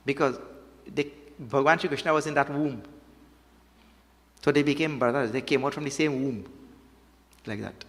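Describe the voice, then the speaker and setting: A man's voice: mid-range voice, normal speed, pauses often, fairly bright tone. A man preaching a devotional sermon, telling a story with rhetorical questions and repeated words for emphasis. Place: temple hall. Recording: long hall reverb.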